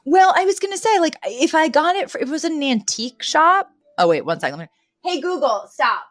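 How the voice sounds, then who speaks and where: A woman co-hosting a podcast in a casual chat, rambling and animated and often laughing. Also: high-pitched, brisk, no echo, clean studio sound. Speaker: podcast co-host.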